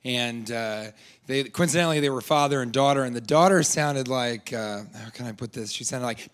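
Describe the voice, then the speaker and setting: A man doing a stand-up comedy set, deadpan with rambling asides, audience laughing. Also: mid-range voice, moderate pace.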